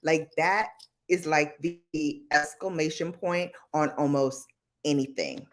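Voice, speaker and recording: A woman hosting a casual live stream, chatty and slangy, often calling out greetings to viewers in a loud, high voice. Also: measured pace. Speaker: livestream host.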